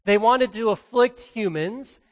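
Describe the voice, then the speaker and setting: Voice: mid-range voice, unhurried. Earnest pastor preaching in an echoing hall. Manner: earnest, conversational, emphatic on key phrases. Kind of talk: sermon with scripture reading.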